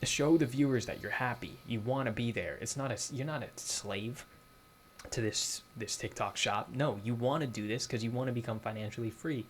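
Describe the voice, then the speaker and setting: A man's voice: medium pitch, moderate pace, a little hiss or hum. A man giving a casual, hyped-up motivational pep talk about selling online, full of slang and the odd swear word.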